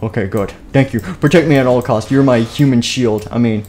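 A man's voice: medium pitch, a little fast, a little mellow, a little hiss or hum, close to an everyday voice. A man doing a whiny, selfish king. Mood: demanding. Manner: whiny and flustered. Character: panicky, self-centred male king.

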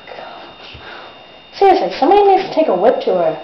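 A woman's voice: high-pitched, very animated, brisk. A teenage girl in her bedroom, ranting in a casual, exasperated vlog and mocking people with put-on voices. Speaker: vlogger. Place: bedroom at a desk. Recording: echoey, dull webcam audio with faint hiss.

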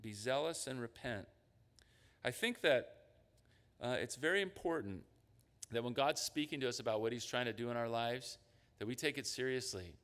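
A man preaching a sermon as a pastor. He talks in an animated way and acts out the voices of God and his listeners. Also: mid-range voice, normal speed, long pauses, long reverb tail. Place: church sanctuary.

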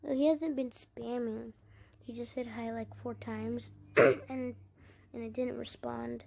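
A woman's voice: fairly high pitch, fairly even intonation, slow, vocal fry, darkish tone. A woman giving casual let's-play commentary, narrating her own moves and chatting to her viewers. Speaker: gaming channel creator.

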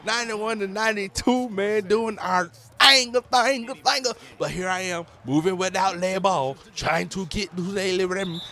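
A man, a father, giving excitable, slangy play-by-play commentary over his own video game session. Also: high voice, unhurried, hardly any pauses. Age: adult, a parent. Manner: excitable, slangy hype talk. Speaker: gaming YouTuber.

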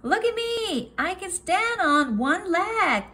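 A woman's voice: very high voice, sing-song, slow pace, pushed and bright, pitched above the performer's own voice, full character voice. A woman voicing a five-year-old boy penguin who is bouncy and a bit bossy. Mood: excited.

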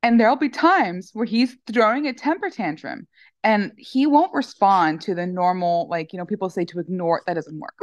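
A middle-aged woman chatting in an interview, telling animated stories with lots of fillers. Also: medium pitch, normal speed, dry recording. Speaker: dog owner guest. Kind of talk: casual interview chat.

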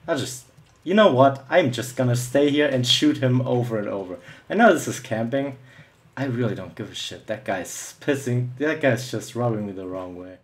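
Brief: young male gamer, ranting commentary, profane, sarcastic taunts, mid-pitched. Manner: angry ranting, swearing often; mocking taunts at opponents. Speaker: gameplay commentator. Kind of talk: live gameplay commentary.

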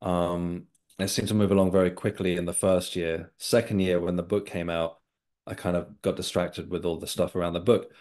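Guy, really low voice, calm and reflective, chatting as a guest on an interview. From England. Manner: reflective, unhurried, sincere. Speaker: guest, author and developing medium. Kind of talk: personal storytelling in a casual interview.

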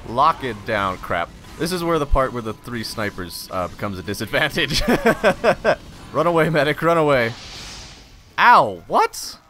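A man giving live gameplay commentary, frustrated and ranting, sometimes breaking into loud shouts. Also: mid-range voice, sing-song, a little slow, faint music behind. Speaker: gamer recording gameplay commentary.

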